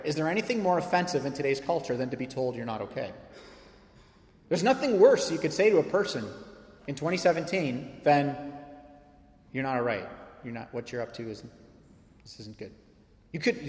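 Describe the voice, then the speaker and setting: A man preaching a sermon as pastor, conversational and emphatic, with rhetorical questions to the congregation. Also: a little high. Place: church sanctuary. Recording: echoey hall reverb.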